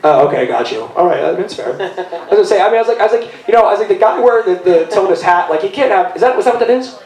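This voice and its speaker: A man hosting a casual live podcast in a bar, talking fast with lots of restarts. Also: high-pitched, animated, a little mellow. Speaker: podcast host. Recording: echoey live room.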